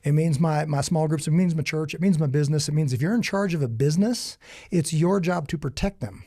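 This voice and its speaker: A man's voice: fairly high pitch, fairly quick, no room sound, studio quality. A man guest on an interview podcast, talking with emphatic, preacher-like conviction and acting out the people in his stories. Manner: animated storyteller, acts out quoted dialogue. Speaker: podcast guest, security company founder. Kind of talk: conversational interview.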